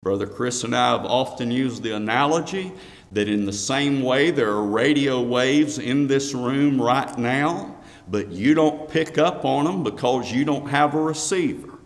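A man preaching a sermon. He reads scripture aloud in a raised voice, then explains it slowly. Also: medium pitch, big-room sound.

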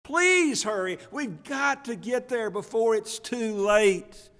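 A man's voice: extremely high pitch, slow, a bit bright, big-room sound, pitched above the performer's own voice, heavily acted. A preacher voicing a desperate begging father. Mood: pleading. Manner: urgent, begging. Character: desperate pleading father, grown man.

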